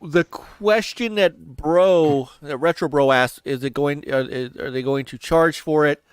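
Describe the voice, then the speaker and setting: Man, podcast host, casual gaming chat, a touch high, dry close sound. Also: unhurried, smooth, no echo. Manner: chatty, restarts and laughs while talking.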